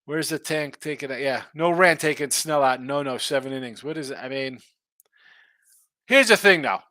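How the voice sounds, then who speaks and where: A man's voice: medium pitch, steady tone, a little fast, fairly bright tone, dry recording. A man hosting a sports betting live stream, rambling and thinking aloud in casual chat. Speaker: sports betting show host.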